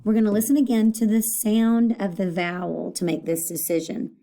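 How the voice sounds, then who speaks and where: A woman's voice: mid-range voice, flat delivery, normal speed, vocal fry, mellow. A woman teaching an elementary phonics lesson, patiently saying each word aloud and repeating it for young children.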